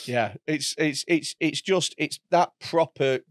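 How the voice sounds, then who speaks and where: A man's voice: fairly high pitch, takes it slowly, no echo, studio quality. A man hosting a comedy podcast, chatting casually with sweary jokes. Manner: joking, sweary, laughing asides. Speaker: podcast host.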